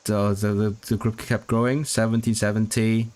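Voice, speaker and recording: A man's voice: on the low side, little pitch movement, darkish tone. A man streaming a study session, thinking aloud as he works out what is being signed, often restarting words and asking himself questions. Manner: halting, restarting words while working out signed content; puzzled self-questioning asides. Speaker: language-learning streamer.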